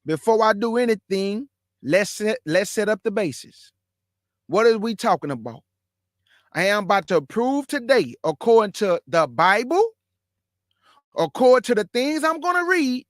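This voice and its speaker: A man with a notably high voice leads a casual scripture lesson, pressing each point hard and circling back to repeat it. He addresses his listeners as family while steering them through a map on his screen. The sound is dry, with no room echo. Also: sing-song, moderate pace. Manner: emphatic, repeats key phrases, calls listeners "family". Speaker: Bible teacher, show host. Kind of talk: casual Bible teaching.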